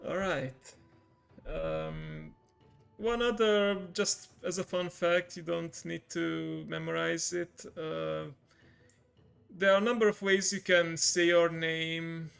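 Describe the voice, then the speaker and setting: A man with a somewhat high, gravelly voice leads a relaxed online lesson. He talks patiently and gently encourages his students. Soft music plays faintly behind him. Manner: patient, encouraging, explains slowly. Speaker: language teacher and stream host. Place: online voice call on a livestream.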